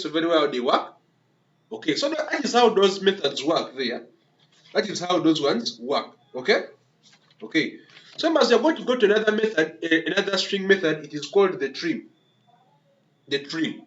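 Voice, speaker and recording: A man's voice: high-pitched, a bit bright. A man teaching a coding lesson, talking through each step as he types, repeating words and checking in with "okay?" and "yeah?" again and again. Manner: talks through typing step by step, restarts words. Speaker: coding instructor. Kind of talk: screen-recorded coding tutorial. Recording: dull lo-fi recording with faint hiss.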